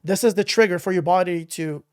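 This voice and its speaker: A podcast host talking casually about their own habits. They ramble, restart, and lean on fillers while working toward a point. The voice sits at a middling pitch. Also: a little fast, smooth. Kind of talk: casual interview chat.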